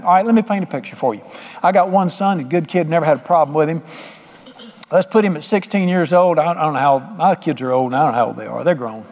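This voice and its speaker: A man's voice: fairly high pitch, a little mellow, big-room sound. A middle-aged man preaching a sermon, telling a folksy story and putting questions straight to the congregation.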